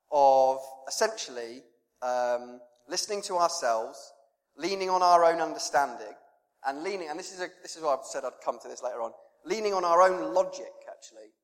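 A man preaching an informal sermon, conversational and self-deprecating, with lots of rhetorical questions. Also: a little high. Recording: long hall reverb.

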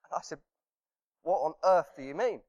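A man delivers a sermon in an easy, anecdotal way, often breaking into a light laugh. His voice sits a little higher than most men's. He talks to the congregation as if chatting with friends. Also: normal speed, darkish tone, highs cut off. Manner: anecdotal, chuckling, conversational. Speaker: preacher.

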